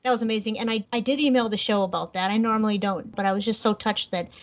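A woman's voice: mid-range voice, fast talker. Woman from minnesota guesting on a podcast, chatty storyteller doing little voices, kinda muffled lo-fi audio. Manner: animated, acts out quotes in other voices. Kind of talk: casual storytelling.

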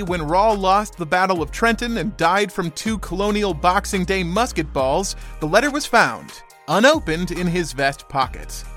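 A man reads a scripted podcast promo as a wry little story. His voice is high for a man and swings widely in pitch. Faint music plays underneath. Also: a bit bright. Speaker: podcast host in an ad. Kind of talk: scripted narration.

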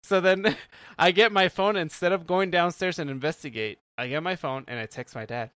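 A man's voice: on the high side, normal speed, fairly bright tone, clean tone, dry recording. A young man telling a story on a casual podcast chat, rambling with lots of "like" fillers and frequent laughs. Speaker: podcast co-host.

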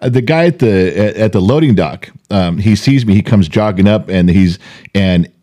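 A man's voice: fairly low pitch, moderate pace. An older man co-hosting a podcast, telling stories in casual chat and acting out the voices of people in them. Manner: animated storyteller, acts out voices. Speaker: podcast co-host.

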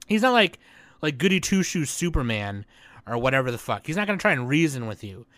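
A man co-hosting a podcast, ranting loudly and profanely, swinging between shouting and muttering. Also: medium pitch, very animated, a little fast, no echo. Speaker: podcast co-host. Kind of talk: casual chat.

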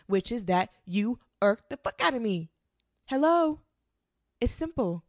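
A woman's voice: medium pitch, darkish tone. A woman delivers a casual rant to camera, blunt and profane, hitting her points hard. Her voice sits in an ordinary middle range for a woman. The sound is dry and close, with almost no room echo.

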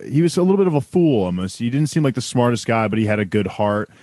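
A man's voice: medium pitch, very animated, fast, warm tone, no room sound, clean studio sound. A man co-hosting a casual podcast, talking earnestly and reflectively about the show. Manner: earnest, reflective, builds a rant. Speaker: podcast co-host. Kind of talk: casual chat reviewing a TV series.

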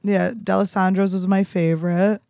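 A young woman from near Philadelphia rambles through a podcast chat, bawdy and quick to laugh. Her voice is mid-pitched for a woman and recorded close and dry. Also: flat delivery, creaky, mellow, dry recording. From Philadelphia suburbs, US. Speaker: podcast guest. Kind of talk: casual chat.

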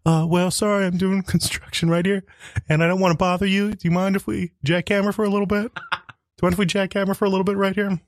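A man's voice: high voice, little pitch movement, fast, dry recording, studio quality, pitched above the performer's own voice, lightly acted. A man doing a meek, apologetic construction worker. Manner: apologetic, soft-spoken. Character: polite, quiet male construction worker.

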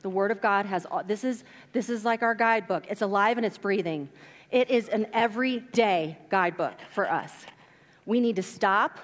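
A woman pastor preaching a sermon in a church, telling stories and acting out quotes with animated delivery. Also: medium pitch, normal speed. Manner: animated storytelling, acts out quotes. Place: church sanctuary. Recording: long reverb of a church hall.

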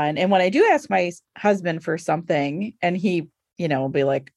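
A woman's voice: fairly low pitch, brisk, few pauses, darkish tone, no room sound, clean studio sound. A woman hosting an interview, telling stories animatedly and acting out exchanges with her husband. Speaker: podcast host, business owner. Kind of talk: conversational interview.

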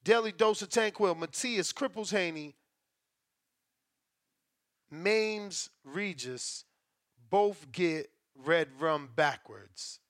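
Smooth high-voiced slangy host. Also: male voice, slow, long pauses, fairly bright tone, dry recording, studio quality. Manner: slangy, profane, joking banter. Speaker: show host. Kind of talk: casual live-stream call-in show.

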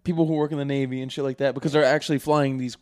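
Fast-talking young man telling stories. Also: medium pitch, little pitch movement, clean tone, no room sound, clean studio sound. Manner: storytelling, profane, slangy. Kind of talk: casual chat.

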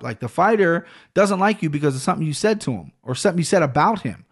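A man hosting a solo podcast, ranting in a rambling, profane and excitable way into a studio podcast mic at a home recording setup. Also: on the high side, quick pace, hardly any pauses. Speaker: podcast host.

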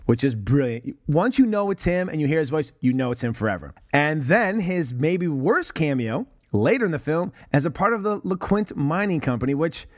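A man's voice: fairly high pitch, sing-song, moderate pace, few pauses, no echo, studio quality. A man hosting a podcast, chatting casually about films and laughing often. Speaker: podcast host. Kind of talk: casual film discussion.

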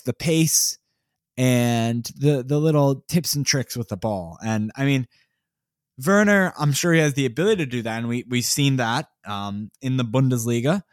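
A man of medium pitch hosting a casual sports podcast. He talks in a chatty, loose way with hesitant "um"s. The recording is dry with no room sound. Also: dry recording. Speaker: podcast host.

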